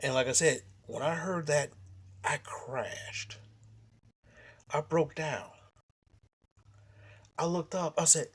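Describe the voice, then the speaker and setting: A man's voice: on the high side, takes it slowly, pauses often, slightly rough. A man vlogging, telling a personal story in a casual, rambling way, blunt and full of swearing, often restarting his sentences.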